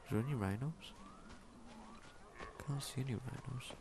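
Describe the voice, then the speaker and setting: A man commenting on his own gameplay in a mid-pitched voice, cursing at nearly every turn and yelling at the creatures on screen. Game noise runs clearly under his voice. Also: moderate pace. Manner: swears constantly, yells at enemies. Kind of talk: let's play commentary.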